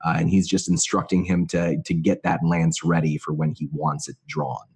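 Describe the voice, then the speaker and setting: Husky, deep-voiced male player. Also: level tone, normal speed, darkish tone. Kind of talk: describing his character's actions in a tabletop game.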